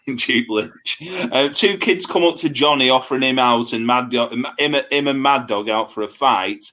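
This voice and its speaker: A man's voice: medium pitch, a little slow. A man, co-hosting a casual podcast, telling stories with frequent laughter. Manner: laughs often, animated storytelling. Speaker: podcast co-host. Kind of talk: casual chat.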